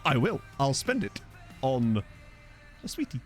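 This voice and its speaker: Lively, jokey male streamer. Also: mid-range voice, unhurried, soft background music. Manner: rambling, jokey, reads out chat messages. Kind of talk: casual live-stream chat over gameplay. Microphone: desk microphone.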